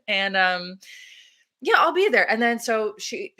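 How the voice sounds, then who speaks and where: Woman doula, chatty interview guest, bright clear tone, laughs through her anecdotes. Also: mid-range voice, slow pace. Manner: animated, laughs often, acts out her own quotes. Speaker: doula and activist. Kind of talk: casual interview storytelling.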